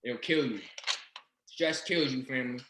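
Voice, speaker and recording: A man's voice: medium pitch, moderate pace, echoey room, slight background noise, rough recording. A man telling wild stories in a casual interview, cursing and laughing as he talks. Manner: swearing, animated, laughing storyteller. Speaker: interview guest, regression practitioner. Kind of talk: casual storytelling chat.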